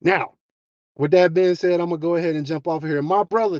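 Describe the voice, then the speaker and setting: A man's voice: a little high, steady tone, quick pace, darkish tone, no echo. Folksy man telling a motivational story. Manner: folksy and conversational, acts out dialogue. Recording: dull, muffled lo-fi sound.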